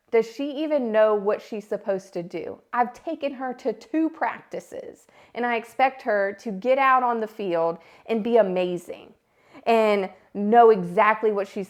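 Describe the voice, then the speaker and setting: A woman in her thirties hosting a podcast, telling a personal story in a casual, animated way. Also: mid-range voice, measured pace. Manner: animated, acts out her own yelling and quotes. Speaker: podcast host.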